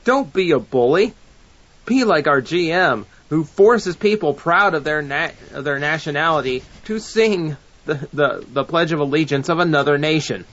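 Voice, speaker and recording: A man's voice: fairly high pitch, normal speed, few pauses, fairly bright tone. Man, podcast co-host, casual chat, sarcastic, rambling, muffled audio.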